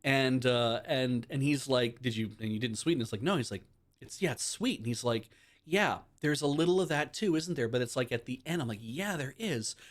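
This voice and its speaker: A man hosting a live stream chats casually, rambling along with animated energy in a mid-range voice. He acts out snippets of dialogue in quick voices.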